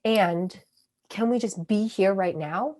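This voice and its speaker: A woman coaching a group on a call, speaking calmly and reflectively, sometimes acting out her own inner thoughts. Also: mid-range voice, takes it slowly. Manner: calm, reflective, acts out inner monologues.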